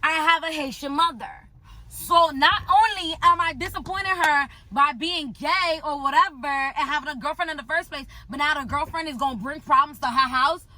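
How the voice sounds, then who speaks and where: A young woman from the United States, telling an animated, slangy storytime vlog and repeating herself for emphasis. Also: high voice, moderate pace, no room sound, low-quality recording. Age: young adult. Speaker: vlogger.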